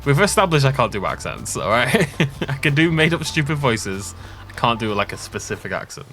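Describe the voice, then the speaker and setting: Male streamer, chatty and self-mocking, very lively pitch, faint game music. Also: brisk. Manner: rambling, self-deprecating. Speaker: gaming YouTuber. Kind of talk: casual let's play commentary.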